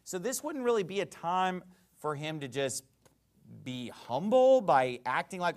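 A man preaching a sermon, stressing his points and often checking in with "okay?" or "right?", with quick repeats and restarts. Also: sits high, very animated. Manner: emphatic preaching with frequent "okay?" and "right?" tags. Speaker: pastor.

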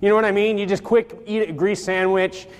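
Male preacher, high voice, chatty and animated, long hall echo. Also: fairly quick, clean tone. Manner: animated, acts out quotes, frequent fillers. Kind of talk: casual Bible-study sermon.

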